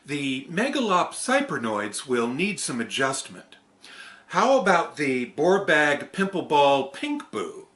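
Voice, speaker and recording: A showy, hammy horror-show host with a bright, ringing voice that swings widely in pitch, as a man puts him on. He lingers over every word with a showman's slowness. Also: huge pitch swings, full character voice. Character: theatrical male horror-show host character.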